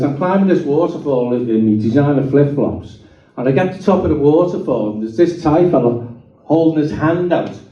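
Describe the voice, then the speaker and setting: Scouse guy acting out stories to a crowd, kinda high voice, far off mic, dull sound. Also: reverberant. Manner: animated storyteller acting out dialogue. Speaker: speaker giving testimony. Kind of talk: storytelling testimony to a live audience. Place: meeting hall.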